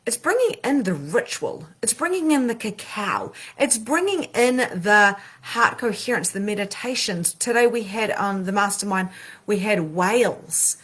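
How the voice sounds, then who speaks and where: Animated husky-voiced spiritual coach woman. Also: mid-range voice. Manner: animated, slangy, swings loud and soft. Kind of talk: casual motivational talk.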